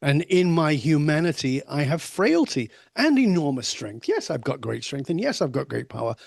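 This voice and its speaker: An older man, a leadership mentor, telling candid personal stories emphatically in conversation, sometimes swearing and dropping low and soft. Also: big pitch swings, normal speed, creaky, dry recording, clean studio sound.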